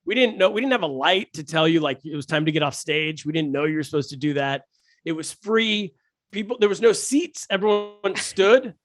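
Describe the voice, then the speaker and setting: A man, a stand-up comedian, telling animated, jokey stories as a podcast guest, with many restarts. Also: fairly high pitch, brisk, no room sound. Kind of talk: casual podcast storytelling.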